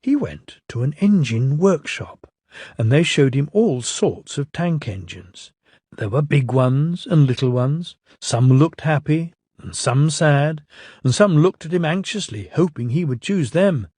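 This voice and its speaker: A man reading a railway storybook aloud as narrator, slow and gentle, doing the character voices himself. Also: a little high, animated, slightly rough, no echo, clean studio sound. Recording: loud music underneath.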